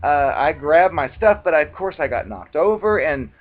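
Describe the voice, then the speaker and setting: A man tells a personal story in an animated, casual monologue, his pitch swinging widely as he acts out the voices of others. He sits a bit higher than most men. The recording sounds dull and lo-fi. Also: moderate pace. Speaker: video blogger.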